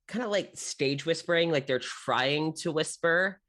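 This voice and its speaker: A man running a tabletop game as game master, narrating the scene in a relaxed, rambling way full of ums and uhs. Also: on the high side, takes it slowly. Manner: relaxed and rambling, with frequent 'um' and 'uh'.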